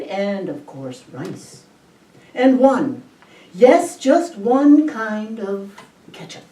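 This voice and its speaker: Wry woman storyteller, mellow and unhurried, live stage sound from off the mic. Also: mid-range voice, recorded from a distance. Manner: wry, deliberate, savoring details. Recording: roomy hall, voice from the mic.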